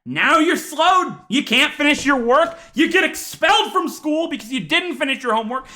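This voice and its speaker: A man doing a comedic rant to camera, mock-outraged with deadpan asides, sighs and laughs. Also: very high-pitched, normal speed. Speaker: YouTuber.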